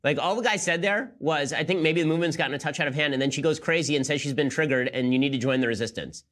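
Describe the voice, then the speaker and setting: A man's voice: on the high side, fast, fairly bright tone. A man hosting a political commentary show, talking sarcastically and with disbelief. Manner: sarcastic, incredulous. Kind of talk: rapid-fire commentary.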